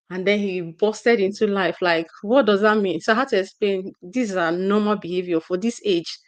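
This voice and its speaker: A middle-aged woman speaks as a parenting coach in a live session. Her pitch sits mid-range for a woman. She talks earnestly, restarting and repeating phrases as she preaches to parents.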